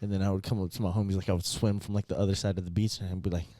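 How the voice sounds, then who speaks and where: A man's voice: sits low, little pitch movement, rapid-fire, warm tone, dry recording, clean studio sound. A young man co-hosting a podcast, telling goofy stories in casual banter. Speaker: podcast co-host. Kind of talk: casual chat.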